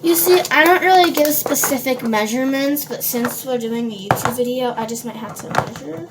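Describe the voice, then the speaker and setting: A woman's voice: sits high, normal speed, heavy background noise. A woman from Minnesota, chatting casually to viewers while she bakes in her home kitchen, rambling and full of fillers. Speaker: home baker vlogger. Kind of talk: casual baking vlog. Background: dishes and cutlery clatter.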